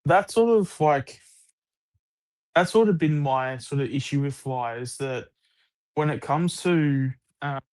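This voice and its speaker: A man's voice: a little high, slow pace, darkish tone. An Australian man chatting casually about sport on a live stream, rambling with lots of restarts and the odd swear word.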